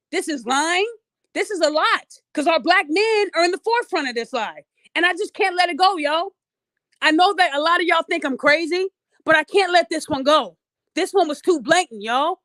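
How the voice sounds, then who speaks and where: A woman's voice: very high-pitched, fairly bright tone, no echo, clean studio sound. A woman podcast host giving blunt, profane commentary straight to her audience. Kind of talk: ranting commentary.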